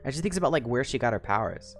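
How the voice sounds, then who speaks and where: A woman's voice: a bass voice, animated, racing, faint music behind. A woman streamer chatting casually through a book recap, swearing freely and rambling with fillers.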